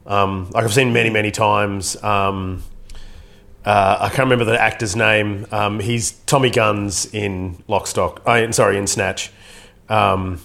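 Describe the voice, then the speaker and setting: Gravelly-voiced male co-host, low, hesitant and rambling. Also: fairly even intonation, measured pace, fairly bright tone. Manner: rambling, hesitant with many ums. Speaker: podcast co-host. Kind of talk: casual film discussion.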